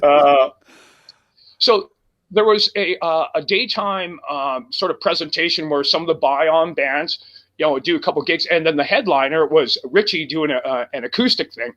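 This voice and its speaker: A man with a high, bright, forceful voice tells a road story as a guest in casual chat. He rambles, swears freely and fills every pause with "uh" and "you know". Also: dull audio. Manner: rambling and profane, heavy with fillers. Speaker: guest, rock band singer.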